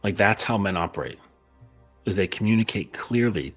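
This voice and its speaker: A man's voice: low voice, lively intonation, moderate pace, fairly bright tone, breathy edge, faint music behind. A man speaking as a dating coach in a casual, blunt monologue full of fillers, telling a client's story. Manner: blunt, conversational, many fillers.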